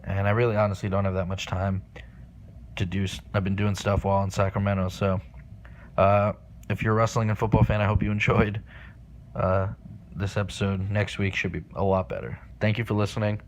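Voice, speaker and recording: A man hosting a solo podcast, giving casual spoken predictions with lots of ums and restarts, excitable and swearing, recorded without his usual microphone. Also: lowish voice, brisk, slight background noise. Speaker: podcast host. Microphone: not his usual microphone.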